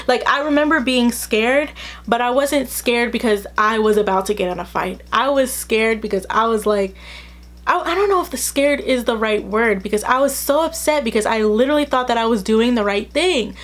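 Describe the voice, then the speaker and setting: Young woman vlogger, slightly high voice, chatty storytime, acts out quotes. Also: moderate pace. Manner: chatty, fills speech with "like". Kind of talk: casual storytime.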